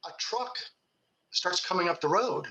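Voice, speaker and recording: Bright-voiced man telling folksy stories. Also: high-pitched, lively intonation, measured pace, roomy sound, muffled recording. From Kentucky. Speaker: Bigfoot researcher guest. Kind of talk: casual storytelling.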